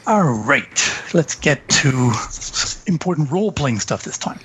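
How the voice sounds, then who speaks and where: A man's voice: a little high, sing-song, a little slow, background noise. A Canadian man co-hosting a podcast in casual chat, hesitant with frequent ums and uhs, chuckling as he talks. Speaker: podcast co-host.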